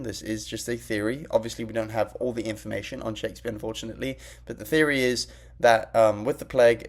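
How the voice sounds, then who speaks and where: A young man giving a class presentation, explaining things in a relaxed, conversational way. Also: mid-range voice. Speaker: student presenter.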